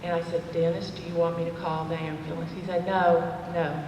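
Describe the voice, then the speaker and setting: A woman telling a personal story to a women's dinner, slow and chatty with fillers. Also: on the low side, level tone, lo-fi sound, background noise. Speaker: cafe owner speaking at a women's dinner. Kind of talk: personal testimony talk. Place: church fellowship hall. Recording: echoey hall, voice from far off.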